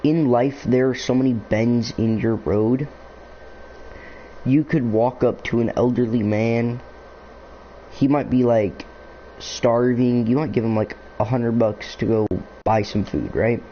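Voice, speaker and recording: A man's voice: mid-range voice, fairly even intonation, unhurried. A young man, a YouTuber, rambling casually to the camera, full of fillers and musing asides. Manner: filler-heavy, meandering, musing. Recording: dull lo-fi mic with faint noise.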